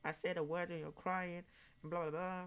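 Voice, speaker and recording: Halting man, reaction host. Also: high voice, level tone, a bit bright, clear, resonant tone, lo-fi sound. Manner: halting, searching for words, then emphatic and raised when quoting others. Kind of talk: casual monologue commentary.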